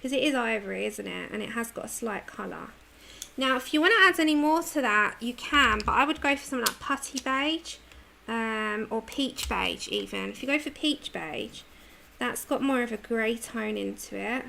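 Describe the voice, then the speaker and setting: Woman streamer with a british accent, chatty and laughing a lot, kinda high voice with gravel in it. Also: lively intonation, moderate pace, sharp tone, slight background noise. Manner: chatty, laughs often, answers viewer comments. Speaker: livestream host. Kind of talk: casual chat while colouring live.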